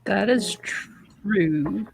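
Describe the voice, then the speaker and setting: Slow-talking woman player. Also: mid-range voice, vocal fry, slight background noise. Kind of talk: tabletop role-play, casual chat.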